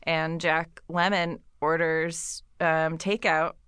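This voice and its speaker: Low-voiced woman rambling through a plot. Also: little pitch movement, takes it slowly, a bit bright, clean tone, no room sound, studio quality. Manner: rambling, giggly, many fillers and restarts. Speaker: podcast co-host. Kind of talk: casual chat, retelling a movie plot.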